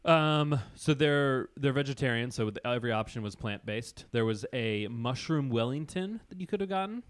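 A man's voice: medium pitch, lively intonation, normal speed, clear, resonant tone, no echo, clean studio sound. A man co-hosting a podcast in casual chat, telling stories with lots of fillers and enthusiasm. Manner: rambling, enthusiastic storyteller with fillers. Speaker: podcast co-host.

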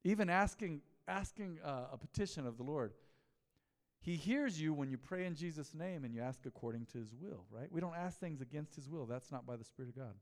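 A man's voice: a little high, a little mellow, in a large hall. A man preaching a mid-week sermon as pastor, in a conversational style, telling stories and asking the congregation questions. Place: church sanctuary.

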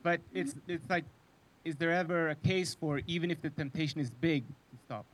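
A man's voice: on the high side, moderate pace, low-quality recording. A man on a panel musing aloud, with sentences that trail off. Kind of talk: panel discussion.

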